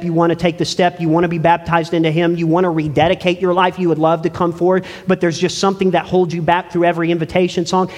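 A man preaching a sermon in a church, earnest and pleading, swinging between loud emphasis and hushed words. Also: on the high side. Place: church sanctuary. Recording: long hall reverb.

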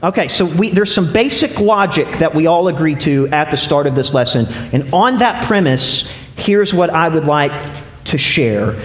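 A man's voice: on the high side, expressive, normal speed. A young man preaching a sermon, telling a story and asking the congregation questions. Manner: storytelling, asks the audience questions. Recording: echoey hall with long reverb.

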